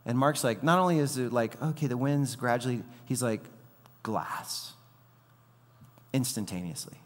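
Male preacher, mid-pitched, lively storyteller who acts out quotes; long hall reverb. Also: brisk. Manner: animated storytelling, acting out quoted lines. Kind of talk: sermon.

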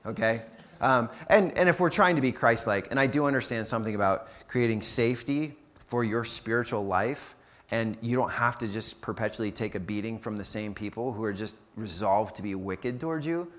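A man gives a relaxed, conversational sermon from a church, his voice sitting at an ordinary middle pitch. He explains ideas by voicing what people might say, with loose fillers along the way. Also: brisk. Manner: casual, explains with acted-out quotes and fillers. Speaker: pastor.

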